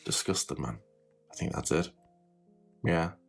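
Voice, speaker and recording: A man's voice: extremely low pitch, unhurried, gravelly, faint music behind. A man giving casual, sarcastic reaction commentary with dry jokes.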